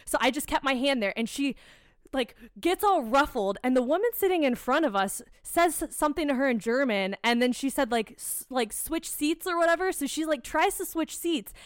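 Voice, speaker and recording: A woman's voice: high voice, brisk, no echo, clean studio sound. A young woman telling an annoyed story in casual chat, swearing freely. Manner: swears a lot, animated storytelling.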